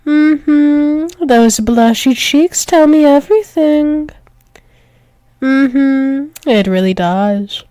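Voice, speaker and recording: A possessive female werewolf demon , played by a woman, murmurs slow, teasing endearments in a whispered role-play. Her voice is mellow and a little high, and the sound is dry and close. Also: no room sound. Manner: teasing, doting, soft-spoken.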